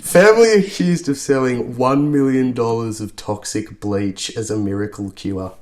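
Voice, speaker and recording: A man's voice: mid-range voice, noisy background. A man, co-hosting a podcast in casual, laughing banter. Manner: laughing, quick to react, loose banter. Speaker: podcast co-host. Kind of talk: casual chat.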